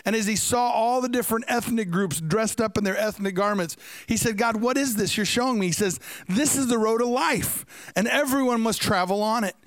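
Male preacher, storytelling sermon, high resonant voice, dry close sound. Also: a little fast, no echo. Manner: storytelling with asides to the congregation.

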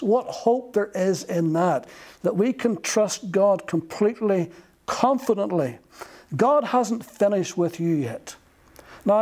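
A man preaching a sermon in a slow, emphatic way, pausing between phrases. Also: high voice, dark tone. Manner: slow, emphatic delivery with long pauses.

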